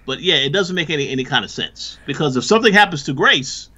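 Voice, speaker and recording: A man's voice: on the high side, expressive, fairly quick, hardly any pauses, sharp tone, highs cut off. A man co-hosting a podcast in casual review chat, analytical and critical as he builds his points step by step. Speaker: podcast co-host.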